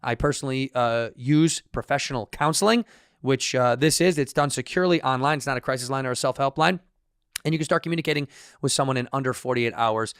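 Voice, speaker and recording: A man's voice: mid-range voice, fast talker, smooth, dry recording, studio quality. A man co-hosting a podcast, joking around and reading ad spots in a casual, playful way. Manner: jokey, puts on loud goofy voices. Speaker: podcast co-host. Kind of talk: casual podcast banter and ad reads.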